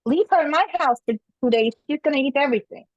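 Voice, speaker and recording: A woman's voice: high-pitched, fast, no room sound, highs cut off. A middle-aged woman, a guest author, giving strong opinions and telling a personal story, acting out what people said. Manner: opinionated storytelling, acts out quoted dialogue. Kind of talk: conversational interview.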